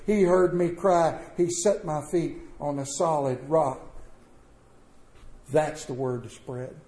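A man preaching a sermon as pastor, swinging between loud emphatic bursts and quiet, soft-spoken asides. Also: fairly high pitch. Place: church sanctuary with congregation. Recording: roomy church echo.

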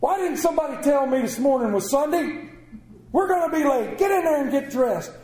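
A man playing a grieving old widower who speaks haltingly and tenderly to his late wife, later turning gruff and rousing. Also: fairly high pitch, warm tone, reverberant, natural voice, poor audio.

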